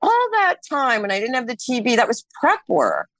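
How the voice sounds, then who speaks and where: Animated American woman telling lively stories. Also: fairly high pitch, normal speed, no room sound. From United States. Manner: animated storyteller who acts out quotes and laughs often. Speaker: guest, tarot reader and actress. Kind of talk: casual podcast conversation.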